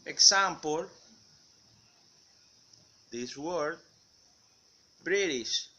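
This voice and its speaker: Guy reading english word pairs, really slow, bright kinda sharp voice, spanish first language. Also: fairly high pitch, expressive. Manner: reads word lists in measured steps. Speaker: student presenter.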